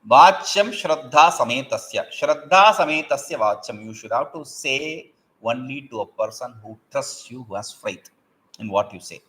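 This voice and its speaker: A man teaching a Sanskrit text, reciting verses aloud and explaining them line by line with many pauses and fillers. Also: animated, poor audio. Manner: recites verses loudly, then explains in a lower voice; frequent fillers and self-corrections.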